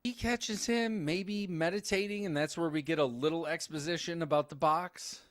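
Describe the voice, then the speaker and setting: A man co-hosting a casual movie recap podcast, animated and swearing freely as he acts out scenes. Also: a little high, normal speed, no room sound, studio quality. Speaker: podcast co-host.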